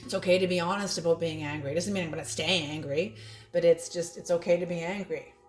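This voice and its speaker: A woman's voice: lowish voice, steady tone, quick pace. A woman giving a casual spoken tarot reading, blunt and laughing often, swearing freely. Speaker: tarot reader. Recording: roomy echo.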